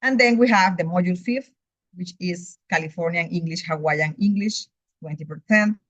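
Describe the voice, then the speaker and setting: Methodical teacher, dull lo-fi sound. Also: female voice, lowish voice, normal speed, no echo. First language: Spanish. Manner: methodical, reading through a course outline. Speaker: English teacher. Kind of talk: recorded course overview. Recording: dull lo-fi recording, dry.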